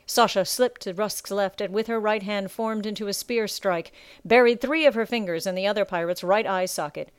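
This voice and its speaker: A woman narrates a story in a measured, dramatic way. Her voice is smooth and clear, sitting at a middle pitch. The sound is dry and close, with no room around it. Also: no echo. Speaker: audiobook narrator. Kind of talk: scripted narration.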